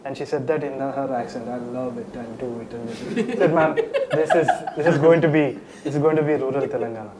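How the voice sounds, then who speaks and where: Indian guy, quick talker, kinda high voice, laughs a lot telling stories. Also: a loud crowd, poor audio. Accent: Indian English. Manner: animated storytelling, laughs often, mixes in Telugu. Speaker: film director. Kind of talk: casual interview chat.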